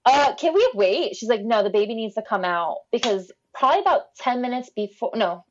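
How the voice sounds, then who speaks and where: A woman telling her own story casually on a podcast, animated, acting out what people said with lively voice changes and frequent laughs. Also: a little high, a little fast, muffled recording, slight background noise.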